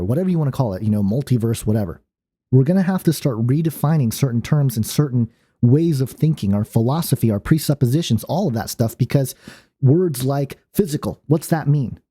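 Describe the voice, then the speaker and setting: A man's voice: medium pitch, mellow. A man hosting his own channel, talking in a loose, rambling monologue full of fillers and restarts. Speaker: channel host. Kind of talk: casual monologue.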